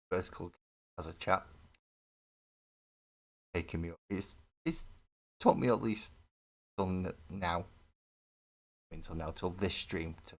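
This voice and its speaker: Deep-voiced man rambling on a live stream. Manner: rambling, self-mocking, swears freely. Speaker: hobby streamer building a miniature. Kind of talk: casual live-stream chat while building. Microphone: desk webcam setup.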